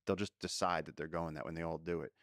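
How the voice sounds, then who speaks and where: A man who is a guest in an interview, telling animated jungle stories and acting out the voices of people and animals. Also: rumbling low, quick pace, no echo, clean studio sound. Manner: animated storyteller who acts out voices in quotes. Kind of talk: storytelling in a casual interview.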